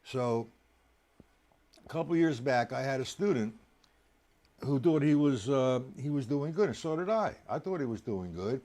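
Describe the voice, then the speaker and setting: Lively, chatty male drum teacher. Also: mid-range voice, moderate pace, pauses often. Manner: counts beats aloud with loud accented downbeats; chatty, coaxing, addresses viewers directly. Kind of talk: live-streamed drum lesson. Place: at a computer on a live stream.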